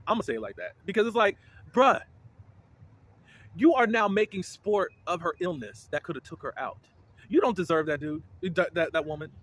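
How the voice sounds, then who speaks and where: A man giving casual, blunt commentary as a reality TV recap host, with indignant, animated reactions. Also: high voice, slight background noise.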